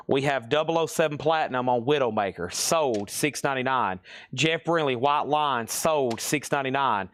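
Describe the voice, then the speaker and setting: A man hosting a live-stream record sale, briskly reading out items, buyers and prices, and checking in with "okay?". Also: mid-range voice, a bit bright.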